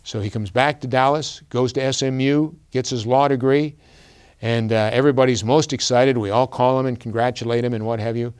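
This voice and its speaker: A middle-aged man tells a personal story in a presentation. He speaks earnestly and haltingly, pausing and restarting often, with fillers running through his talk. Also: mid-range voice, fairly even intonation, a little mellow, smooth. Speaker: guest speaker.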